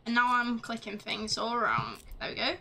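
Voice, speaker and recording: A woman streaming a game live, chatting along as she plays, swearing freely and shouting at the screen. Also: fairly high pitch, very animated, normal speed, slight background noise. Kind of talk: live gameplay commentary.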